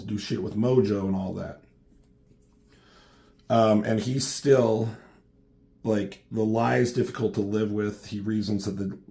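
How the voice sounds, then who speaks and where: A low, gravelly man talks through a comic story in a loose, rambling way. He swears freely, fills gaps with ums and tosses in side questions as he goes. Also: darkish tone. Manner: rambling, profane, many ums and asides. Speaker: comic book reviewer. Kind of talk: casual comic recap.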